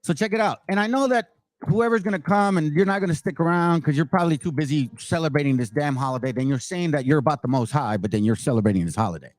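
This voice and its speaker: A man's voice: fairly high pitch, quick pace, no echo. A man giving casual reaction commentary, blunt and mocking, swearing freely. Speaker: online commentator.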